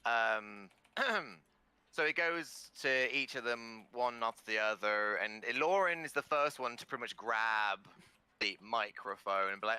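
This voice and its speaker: A man narrating a tabletop game as game master, animated and often laughing. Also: medium pitch, measured pace, clean tone, no echo.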